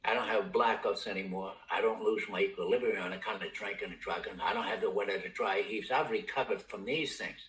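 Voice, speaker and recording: An older man tells his story at a recovery meeting in a bright, forceful voice, cursing freely and stumbling over repeated words. The sound carries the echo of a room. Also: lowish voice, fairly quick, few pauses. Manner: blunt, heavy swearing, repeats and stammers. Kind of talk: personal testimony talk.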